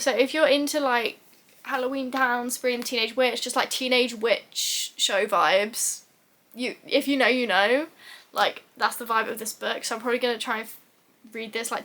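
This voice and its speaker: A woman's voice: a little high, pushed and bright. A young woman chatting casually about books as a vlogger, full of fillers and giggles. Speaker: book vlogger. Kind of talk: casual book review chat.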